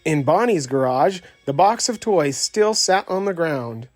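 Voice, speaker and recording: A man's voice: a little high, measured pace, dry recording, faint music behind. A man reading a children's story aloud as narrator, telling it expressively. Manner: expressive storyteller voicing every character. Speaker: audiobook narrator. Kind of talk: scripted read-aloud narration.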